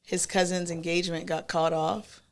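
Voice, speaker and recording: A woman's voice: on the low side, moderate pace, gravelly. A young woman, a podcast guest, telling a story in casual chat and acting out the people in it. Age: young adult. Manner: lively storyteller, acts out quoted voices.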